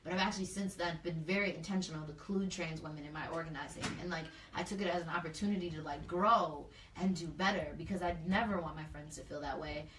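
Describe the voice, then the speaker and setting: A woman's voice: sits low, fast, hardly any pauses, a bit bright, recorded from a distance, a little hiss or hum. A woman community organizer in a casual interview, speaking earnestly and loosely with lots of fillers. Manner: earnest, talks freely with many fillers. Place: indoor room, livestream. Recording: echoey room, off-mic.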